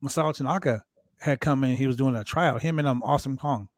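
A man hosting a podcast interview, telling stories in a casual, animated and profane way. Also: mid-range voice, fast talker, dry recording. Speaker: podcast host.

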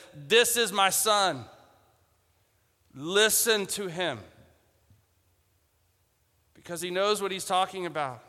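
A man's voice: high voice, pushed and bright, long reverb tail. A man preaching a conversational sermon as a pastor, retelling Bible scenes in casual modern speech and repeating phrases for emphasis.

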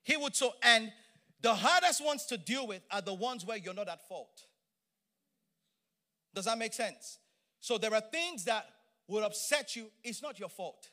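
Middle-aged male preacher, high and bright tone, emphatic, lively sermon delivery. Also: a little slow, long pauses. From Nigeria. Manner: animated, emphatic, playful asides.

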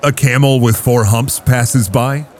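A man narrating as game master of a tabletop game, relaxed and halting with fillers. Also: mid-range voice, faint music behind, a faint crowd.

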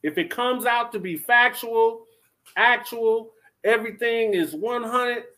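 A man commentating casually on a live stream, blunt and animated, talking straight to his viewers and chat. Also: very high voice, a little slow. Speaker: vlogger reacting to live chat.

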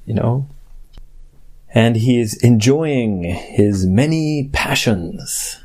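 A man's voice: mid-range voice, animated, extremely slow, a little mellow. A man hosting a podcast alone, talking in a casual, playful way, switching between sulky grumbles and muttered asides. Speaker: podcast host. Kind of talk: bilingual casual podcast chat.

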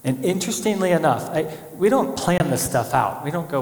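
A man preaching a sermon as pastor, animated, acting out quoted voices as he speaks. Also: on the high side, fairly quick. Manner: animated, acts out quotes of God and people. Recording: echoey church hall.

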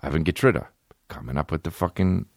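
A man hosting a podcast, telling stories in a rambling, swearing, comedic way and breaking into high, silly voices. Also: expressive, fast, creaky, dry recording, clean studio sound. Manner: swearing, rambling, jumps into high-pitched impressions. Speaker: podcast host. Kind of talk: casual comedic rambling monologue.

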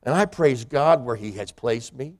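A man's voice: mid-range voice, lively intonation, normal speed. A man preaching a sermon in a church, a pastor and hospital chaplain who acts out the voices of people in scripture.

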